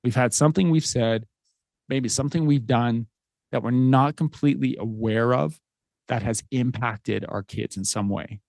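A man in his thirties tells a personal story as a podcast host, earnest and heartfelt. His voice is mellow and warm, close and dry, with no room sound. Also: mid-range voice, normal speed, vocal fry, dry recording.

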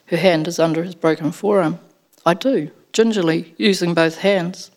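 A woman narrating a first-person story as an audiobook, in an expressive storytelling manner. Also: on the low side, normal speed.

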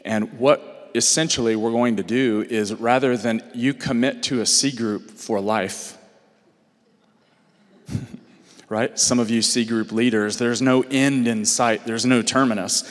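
A hoarse man, a pastor, making friendly, chatty announcements to his congregation before the sermon. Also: medium pitch, steady tone, measured pace, in a large hall. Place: church sanctuary.

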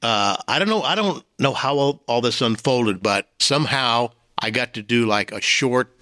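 A man's voice: mid-range voice, expressive, normal speed, sharp tone, no room sound. A man in his sixties in a casual chat, recalling things in an easygoing way and teasing the others. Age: 60s.

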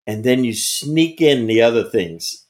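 This older man is a veteran basketball coach answering interview questions in a mid-range, expressive voice at a measured pace. His conversational storytelling is emphatic, full of anecdotes, repeated words, and frequent restarts.

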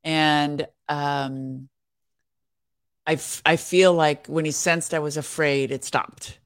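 A woman's voice: sits low, steady tone, slow, dry recording, studio quality. A woman in a casual conversation, giving short affirming replies and telling a reflective personal story.

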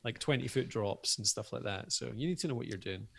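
A man's voice: mid-range voice, brisk, vocal fry, fairly bright tone, slightly rough. A man from Scotland with a Scottish accent, chatting as an easygoing, self-deprecating podcast guest. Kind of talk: casual interview chat.

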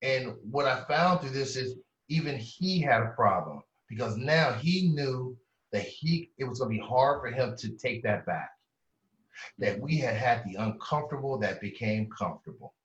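A man with a mid-range voice tells animated stories, full of slang and sudden high-pitched impressions of the people he quotes. He sounds distant from the mic in an echoey room. The sound is a little dull. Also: moderate pace. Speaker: therapist, interview guest. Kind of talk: animated storytelling in conversation.

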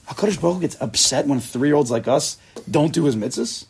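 A man leading an informal religious class, animated and full of rhetorical questions. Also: on the high side, fast, a little hiss or hum. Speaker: Torah class teacher.

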